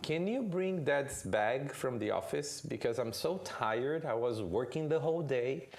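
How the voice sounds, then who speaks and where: A man's voice: mid-range voice, lively intonation, unhurried, creaky, a little mellow. A man voicing a tired father who coaxes his wife and his son in a weary tone. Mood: coaxing. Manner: coaxing, weary. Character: tired, hungry father coming home.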